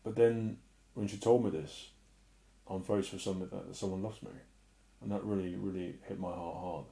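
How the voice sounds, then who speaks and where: Gravelly dark-voiced man preaching earnestly. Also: sits low, steady tone, normal speed. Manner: emotional, earnest, often drops to a soft murmur. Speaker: Christian speaker. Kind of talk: personal testimony and preaching.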